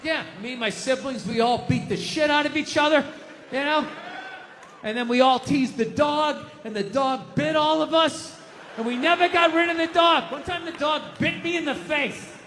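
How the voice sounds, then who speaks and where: A man doing a stand-up comedy set, loud and ranting as he acts out voices on a big stage. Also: very high-pitched, moderate pace, slight background noise. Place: comedy stage in a large venue. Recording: live hall with audience laughter.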